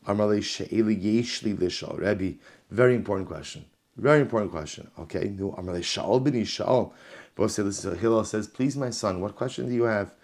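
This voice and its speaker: Rabbi guy teaching talmud, lowish voice, reads the text then explains it, animated, repeats stuff twice. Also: brisk. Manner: animated storytelling, repeats phrases for emphasis. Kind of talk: Talmud class.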